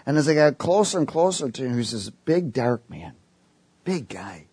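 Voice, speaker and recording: A man's voice: medium pitch, big pitch swings, normal speed, pauses often, darkish tone, husky, no echo. A man preaching a sermon and telling a personal story, acting out voices as he goes. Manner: storytelling, quoting voices in his tale.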